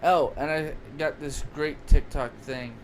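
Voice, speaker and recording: A man's voice: a little high, steady tone, a little slow. Rambling man, noisy casual chat. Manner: rambling, opinionated. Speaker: podcast co-host. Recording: noticeable background noise.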